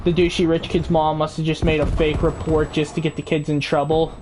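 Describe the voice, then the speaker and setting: Over game noise and gunfire, a woman with a deep, fairly flat voice talks a little fast. She's playing a video game while casually telling a rambling story packed with filler words.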